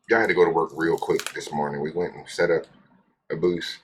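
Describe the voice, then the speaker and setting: A man's voice: rumbling low, steady tone, brisk, slight background noise. A man hosting a casual live stream, rambling, joking with his viewers and cursing freely. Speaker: cannabis live-stream host.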